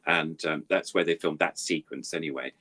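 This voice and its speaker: Older puppeteer, deep voice, chatty and self-deprecating storyteller. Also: male voice, fairly even intonation, normal speed, sharp tone. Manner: rambling, self-deprecating storytelling with many fillers. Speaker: puppeteer guest. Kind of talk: anecdotal interview chat.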